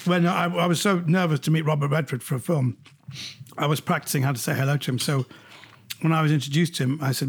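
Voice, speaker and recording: A man in his fifties from London, a comedian telling lively anecdotes over a video call from home and acting out the quotes. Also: fairly high pitch, quick pace, a little hiss or hum. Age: 50s. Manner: animated storyteller acting out quotes. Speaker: guest comedian.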